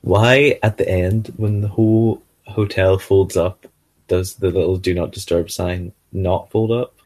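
A man co-hosting a casual chat about an episode, pausing to search for words. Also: low-pitched, fairly even intonation, darkish tone. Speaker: podcast co-host.

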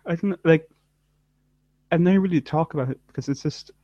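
A man's voice: fairly high pitch, a little fast, warm tone, no echo. A man co-hosting a casual chat, rambling dryly with lots of fillers and trailing off. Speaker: podcast co-host. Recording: dry, dull lo-fi mic.

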